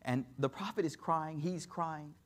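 A male preacher telling a story in a sermon, moving from impassioned, raised passages to hushed, tender ones. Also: fairly high pitch, a little slow. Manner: emotive, swings between impassioned and hushed.

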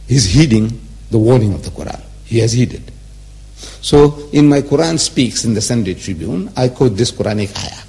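A man's voice: mid-range voice, a little mellow. A man in his seventies giving a public religious lecture, emphatic and repetitive, teasing his listeners with rhetorical questions. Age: 70s.

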